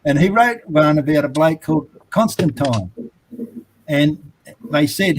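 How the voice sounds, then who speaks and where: A man's voice: on the high side, animated, normal speed, a little hiss or hum, rough recording. Laid-back Australian man chatting. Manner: rambling, laid-back, many fillers. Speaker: host. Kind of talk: casual chat.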